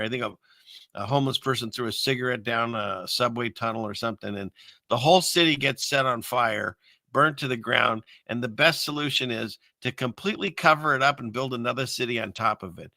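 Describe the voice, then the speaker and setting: A man hosting a casual livestream, rambling and chuckling through viewer comments with lots of filler words and trailing pauses. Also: medium pitch, sharp tone, no room sound, studio quality. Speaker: livestream host reading viewer chat. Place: home setup in the Seattle area.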